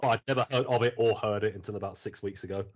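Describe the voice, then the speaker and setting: A man's voice: on the low side, quick pace. A man hosting a podcast in casual chat, rambling and laughing often, with some swearing. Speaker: podcast host. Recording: muffled lo-fi podcast audio.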